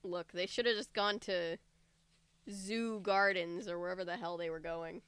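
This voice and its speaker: A woman's voice: fairly low pitch, steady tone, normal speed, fairly bright tone, clean tone, dry recording. A woman reading a book aloud on a livestream, breaking off for chatty, joking asides. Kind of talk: casual read-aloud livestream.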